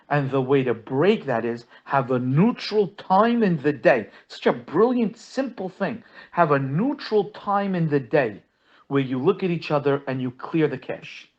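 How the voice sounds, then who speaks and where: A man's voice: mid-range voice, lo-fi sound. A man teaching as a rabbi, telling examples and often repeating his first words. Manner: repeats words when starting sentences, acts out quotes. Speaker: rabbi teaching a marriage course. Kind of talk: lesson with storytelling examples.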